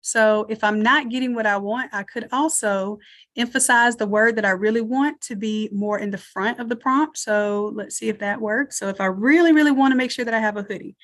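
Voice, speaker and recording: A woman's voice: on the high side, fairly quick, a bit bright. A woman teaching a live online design class, chatty and thinking aloud as she works through each step. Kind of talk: live screen-share tutorial.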